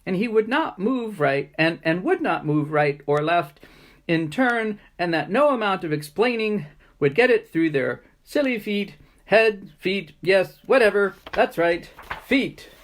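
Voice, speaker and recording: A woman reading a children's story aloud in a playful, animated way. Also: medium pitch, measured pace.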